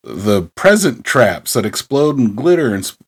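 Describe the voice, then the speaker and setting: A man's voice: medium pitch, big pitch swings, husky. A man co-hosting a pop culture podcast, chatting in a wry, meandering way. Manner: wry, drawn-out, trailing off. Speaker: podcast co-host. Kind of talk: casual chat.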